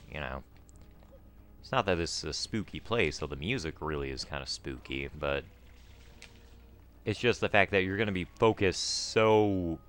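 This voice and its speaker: A man with a low, slightly bright voice hosts a let's play, chatting casually and rambling through trivia as he plays. Whenever he fails in the game, he yelps.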